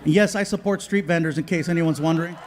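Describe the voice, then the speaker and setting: A man doing a stand-up comedy routine on stage, telling an animated story. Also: fairly high pitch, fast talker, in a large hall, a loud crowd. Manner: storytelling, animated, slips into voices. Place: on stage before a live audience. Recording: noisy live comedy club recording.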